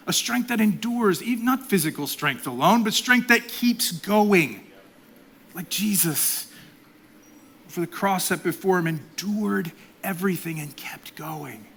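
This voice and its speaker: A man in his forties, a pastor preaching a sermon, swinging between loud emphatic exhortation and soft, intimate delivery. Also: on the high side. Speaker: executive pastor.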